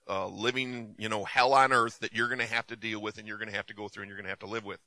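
A man's voice: on the low side, steady tone, fairly quick, bright, forceful tone, no room sound, rough recording. A man preaching in a conversational way, telling stories and often repeating his words. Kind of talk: sermon with personal storytelling.

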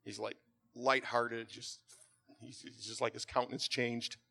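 Bright-voiced man preaching a sermon. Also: mid-range voice, flat delivery, measured pace, vocal fry. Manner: preachy, rising to fervent near-shouting. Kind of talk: sermon with storytelling.

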